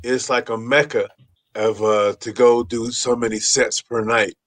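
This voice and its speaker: A man's voice: mid-range voice, little pitch movement, a little slow, a bit bright. A man hosting a casual talk show, telling anecdotes loosely, laughing and acting out quotes. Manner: loose, laughing storyteller who acts out quotes. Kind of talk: casual chat.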